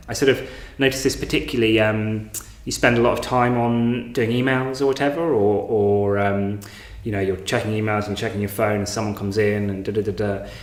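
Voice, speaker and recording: Male meditation teacher, low voice, hesitant and loose, roomy home recording. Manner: hesitant, many fillers and restarts. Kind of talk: informal meditation talk. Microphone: online class, home recording.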